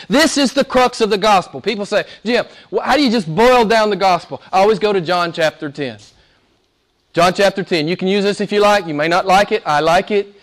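A man preaching a sermon with passion, shifting from loud, ringing declarations to hushed whispers. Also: high voice, fairly quick. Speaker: pastor.

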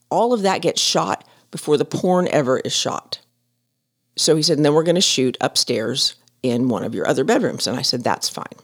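Lively, laughing woman storyteller. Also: on the low side. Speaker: podcast host. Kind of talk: casual storytelling.

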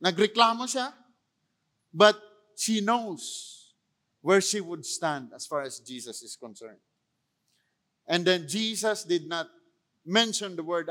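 A male pastor with a Filipino accent delivers a sermon in a high, light voice. He takes his time, letting phrases hang, and he rises in emphasis whenever he quotes scripture. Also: fairly bright tone. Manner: unhurried preaching, switching into Tagalog phrases, rising emphasis on quotes.

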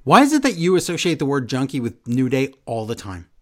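A man casually chatting as a podcast co-host, recapping wrestling in an animated way and acting out quotes. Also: mid-range voice, a little fast. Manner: animated recapping, acts out quotes in shifting voices. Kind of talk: casual chat.

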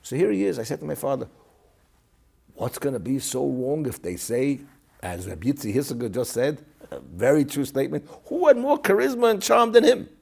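Animated husky man telling a story. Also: medium pitch, a little fast. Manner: animated storytelling, swings from loud to hushed. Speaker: guest recalling his father. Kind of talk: storytelling interview.

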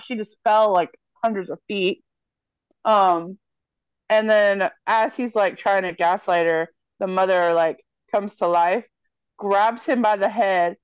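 A woman tells a film's plot in casual conversation, swearing freely and slipping into the characters' lines as she goes. The sound is dry and close. Her pitch sits in an ordinary middle range. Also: smooth, no echo. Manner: profane, animated storytelling with quoted voices. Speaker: podcast co-host recapping a film. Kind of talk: casual chat.

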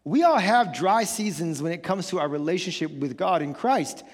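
Male pastor, high-pitched and animated, preaching in a big echoing church sanctuary. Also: moderate pace. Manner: animated, builds to excited shouting; acts out quoted congregants in casual voices. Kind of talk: sermon.

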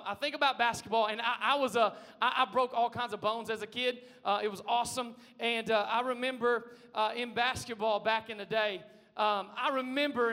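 A man preaching an energetic sermon as pastor, talking with the congregation, asking them questions and now and then breaking into shouts. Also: very high-pitched. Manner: conversational, asks the congregation questions, bursts into shouts. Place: church sanctuary. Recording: long reverb of a large hall.

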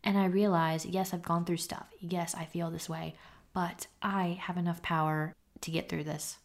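A woman's voice: on the low side, level tone, normal speed, gravelly. A young woman hosting her own podcast, talking openly and casually about her life, with the odd swear word. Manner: open, confessional, casual with swearing. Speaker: podcast host. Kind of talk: candid solo podcast talk.

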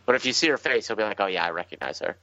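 A man co-hosting a casual comics podcast, speaking in a measured, informative way. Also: lowish voice, expressive, sharp tone, dry recording, lo-fi sound. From United States. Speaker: podcast co-host. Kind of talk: casual chat about comics.

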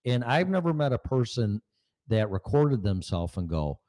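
A man's voice: mid-range voice, sing-song, normal speed, warm tone. A man hosting a podcast in casual chat, blunt and swearing freely, often laughing. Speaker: podcast host. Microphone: home studio mic through small mixer.

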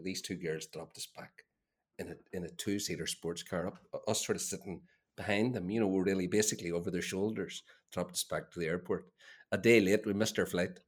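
A middle-aged man tells an animated, swearing story as a guest in a casual chat. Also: deep voice, breathy edge. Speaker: guest, former player.

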